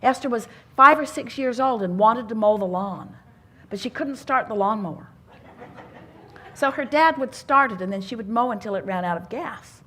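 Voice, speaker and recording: A woman's voice: fairly high pitch, expressive, normal speed, sharp tone. A woman speaking to a live audience at a self-help seminar, teaching in an earnest tone with odd turns of phrase. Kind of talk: inspirational seminar talk.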